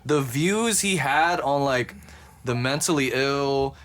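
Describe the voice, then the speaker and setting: A man's voice: mid-range voice, takes it slowly, a bit bright. A man co-hosting a podcast in casual chat, cursing freely and reading quotes aloud with a laid-back, amused delivery. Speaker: podcast co-host.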